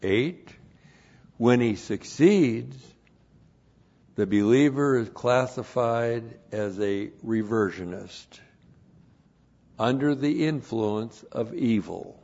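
A man's voice: medium pitch, takes it slowly, pauses often, darkish tone. A man teaching the Bible verse by verse, working through numbered points and repeating each one twice. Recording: dull lo-fi recording.

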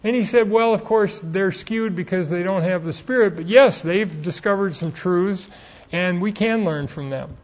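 A man with a fairly high voice teaches theology in an earnest, explanatory manner. He works personal stories into the lesson. The recording sounds dull and lo-fi. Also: moderate pace. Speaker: Bible teacher. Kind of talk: theology lecture.

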